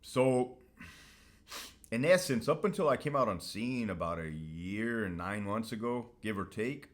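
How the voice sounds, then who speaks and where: A man's voice: on the low side, lively intonation, a little slow. A man hosting a casual monologue to camera, talking in a blunt, profane, streetwise way. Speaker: host.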